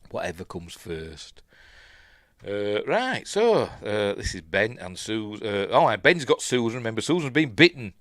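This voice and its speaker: A man's voice: fairly low pitch, very animated, normal speed, fairly bright tone, dry recording, studio quality. A middle-aged man with a Yorkshire accent, casually talking through a film scene by scene, rambling with chuckles and lots of ums. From Yorkshire, England. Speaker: film reviewer.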